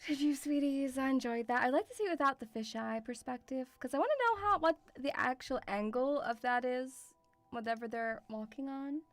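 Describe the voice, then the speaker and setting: A woman's voice: high-pitched, moderate pace, dry recording. A woman streamer reacting to a video, swearing freely, shrieking and laughing in fright and calling her viewers sweetie. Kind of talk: casual reaction commentary.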